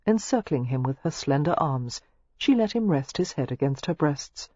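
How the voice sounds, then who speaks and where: An audiobook narrator reading a novel in a measured storytelling manner, with a husky voice. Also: mid-range voice, animated, a little mellow, dry recording, highs cut off. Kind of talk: scripted narration.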